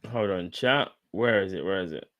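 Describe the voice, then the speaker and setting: A man's voice: low-pitched, normal speed, dry recording, dull audio. A man hosting a live fan stream, talking casually and in slang straight to his chat. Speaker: fan channel host.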